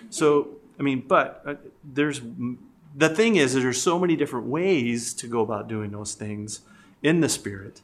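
A man's voice: mid-range voice, moderate pace, a little hiss or hum. Chatty middle-aged man telling family stories. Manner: chatty, self-deprecating, laughs often. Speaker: guest speaker. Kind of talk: casual storytelling about family life.

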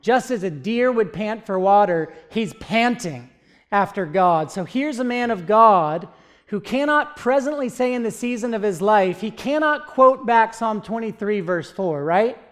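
A man's voice: sits high, lively intonation, measured pace. A man preaching a sermon, earnest and asking his listeners rhetorical questions.

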